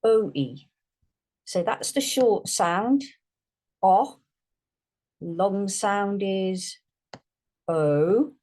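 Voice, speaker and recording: A woman giving a phonics lesson, slowly sounding out and stretching each word for young readers. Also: medium pitch, darkish tone. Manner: slow, drawn-out sounding out of words. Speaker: teacher.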